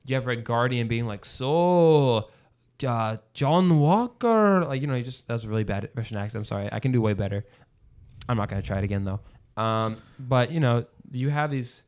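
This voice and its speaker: With a fairly low voice and a quick pace, a man co-hosting a film podcast keeps things loose and chatty. His talk wanders, full of fillers and false starts.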